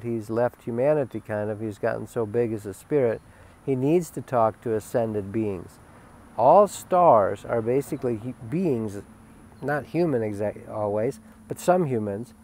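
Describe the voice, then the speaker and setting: A man giving a spiritual webcast monologue, emphatic and rambling, swinging from loud declarations to hushed asides. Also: mid-range voice. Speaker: spiritual teacher.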